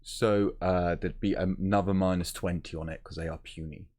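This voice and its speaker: A man running a tabletop game as game master, narrating haltingly with many pauses. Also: deep voice, steady tone, a little mellow.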